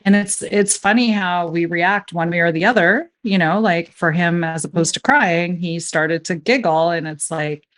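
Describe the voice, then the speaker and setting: A woman in her thirties hosts a casual podcast chat. Her voice sits a little low, and she tells stories in an earnest, conversational way. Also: moderate pace, hardly any pauses, fairly bright tone. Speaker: podcast host.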